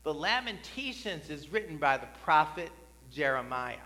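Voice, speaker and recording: A male pastor preaching a sermon in a conversational style, building to loud, repeated cries. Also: on the high side, sing-song, normal speed, long reverb tail.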